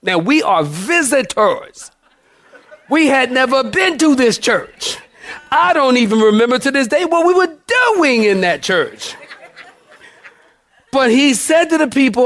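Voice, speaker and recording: A man's voice: sits high, lively intonation, measured pace, fairly bright tone. A man in his fifties, a pastor telling a funny story in a sermon, folksy and laughing often.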